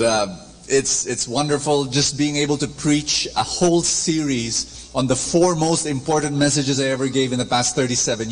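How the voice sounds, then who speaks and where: Filipino preacher in a reverberant church. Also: male voice, medium pitch. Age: 50s. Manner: storytelling, coaxing the congregation to repeat lines. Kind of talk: sermon with call-and-response. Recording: long church reverb, faint music.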